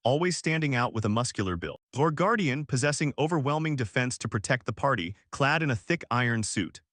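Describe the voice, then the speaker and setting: A man's voice: mid-range voice, expressive, fairly quick, fairly bright tone, dry recording, clean studio sound, lightly acted. A man voicing a stern, irritable young male guildmate in a recap story, read plainly.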